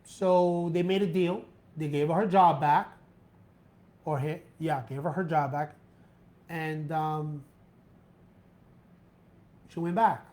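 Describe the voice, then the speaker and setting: A man hosting a casual live stream, loose and relaxed, reading a viewer's post aloud with emphasis. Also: on the high side, slow, pauses often. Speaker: host.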